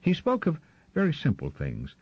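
A man narrating a storybook in an expressive storytelling manner, on a slightly muffled recording. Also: a little high, moderate pace, slightly rough, dry recording. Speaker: audiobook narrator. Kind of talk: scripted narration.

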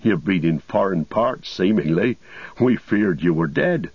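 Man reading as a hearty rustic hobbit farmer, older, blunt, husky low voice, dull lo-fi sound. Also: expressive, unhurried, dry recording, heavily acted. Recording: dull lo-fi recording.

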